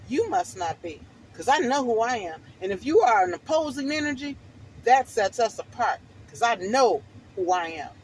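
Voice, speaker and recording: A woman's voice: on the high side, animated, a little slow, slight background noise, rough recording. A middle-aged woman vlogger telling a personal testimony in a fervent, preachy, emphatic way.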